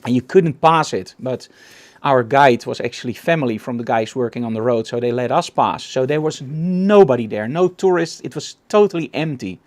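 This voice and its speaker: A man's voice: medium pitch, normal speed, a little mellow. A man with a Dutch accent giving a live photography presentation, enthusiastic and repeating words for emphasis. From Netherlands.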